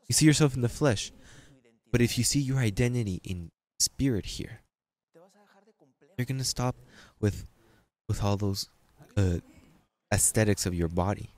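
A man preaching a sermon as pastor, emphatic and repetitive, with halting restarts and sudden jumps in pitch. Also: expressive, a little mellow.

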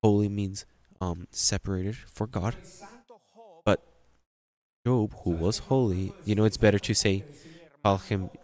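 A man's voice: lowish voice, steady tone, a little slow, a little mellow. A man preaching a sermon with an accent, drawing out words and rising into emphatic bursts. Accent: non-native English. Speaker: pastor.

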